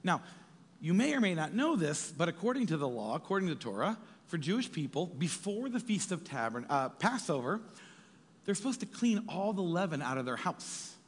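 A man preaching a sermon as pastor, animated and jokey, slipping into quick acted asides. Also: on the high side, slightly rough. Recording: reverberant hall.

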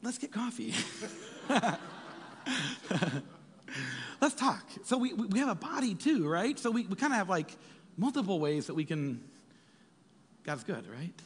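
A man preaching with a lively, swinging delivery and a slightly husky tone. His voice carries a long reverb, as if in a church hall. He jokes and acts out quick asides as he teaches. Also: sits high. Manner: animated, jokey preaching with acted asides. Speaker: pastor. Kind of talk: sermon.

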